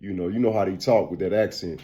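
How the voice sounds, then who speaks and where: A man who is a barber and vlogger, giving a casual, animated opinion rant and repeating "man" and "bro.". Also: low voice, fast talker.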